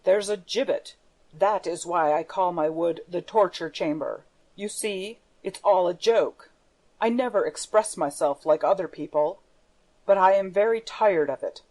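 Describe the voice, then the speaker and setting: A woman's voice: lowish voice, measured pace, darkish tone, natural voice, rough recording. A woman reading the part of a menacing masked male phantom, with a theatrical, darkly playful manner. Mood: brooding.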